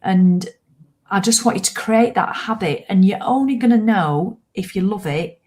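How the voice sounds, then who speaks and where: A woman's voice: mid-range voice, normal speed, darkish tone. A woman hosting a casual live walking-challenge chat, encouraging viewers in a chatty way and acting out their grumbles. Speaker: host of a walking challenge livestream.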